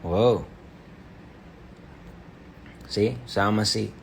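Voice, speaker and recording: Deep-voiced man rambling on a livestream. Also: drawn-out words, vocal fry, slight background noise. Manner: rambling, loose slangy talk full of fillers. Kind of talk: casual livestream chat.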